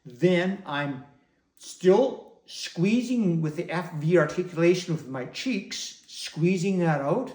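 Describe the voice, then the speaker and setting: Male didgeridoo teacher, slightly high voice, patient and methodical, roomy echo. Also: lively intonation, slow pace, a little mellow. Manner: patient, step-by-step explaining. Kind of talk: instructional demonstration.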